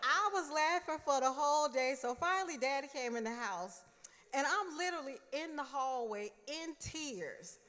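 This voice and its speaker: A young woman tells a warm, humorous story about her late father at his funeral. Her voice sits a little high, and a long echo from the church sanctuary trails after her words. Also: expressive, moderate pace. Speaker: daughter giving a eulogy. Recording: reverberant church hall.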